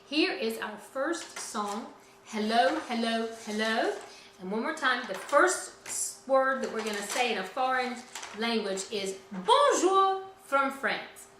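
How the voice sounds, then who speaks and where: Upbeat woman teacher leading kids' music class, highish bright voice, roomy echo. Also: unhurried, a little hiss or hum. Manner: cheerful, encouraging, speaks to children directly. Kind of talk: children's music lesson.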